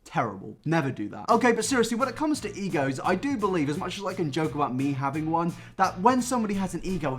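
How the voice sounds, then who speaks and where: Jokey man with lively pitch. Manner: self-mocking, jokey, sarcastic asides. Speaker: YouTube commentator. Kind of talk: comedic commentary vlog.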